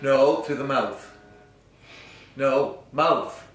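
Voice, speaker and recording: A man's voice: medium pitch, extremely slow. A man teaching a singing lesson, patiently explaining and demonstrating vowel sounds. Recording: roomy, distant mic with piano.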